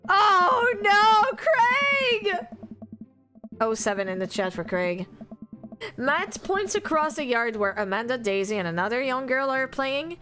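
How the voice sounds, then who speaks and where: A woman streamer playing a game live, reading its dialogue aloud and commenting with animated laughter, loud outbursts and swearing. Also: on the high side, normal speed, faint music behind.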